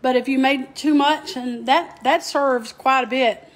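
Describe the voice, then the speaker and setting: A woman's voice: high-pitched, fairly even intonation, a little slow. A woman with a Southern US accent, chatting homily through a cooking demo and calling viewers y'all. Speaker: home cook host.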